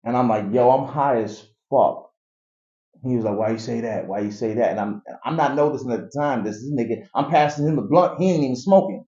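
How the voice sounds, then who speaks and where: A man telling his life story in a casual interview, animated and acting out the people in it. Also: mid-range voice, fast talker, few pauses. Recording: echoey, dull room recording.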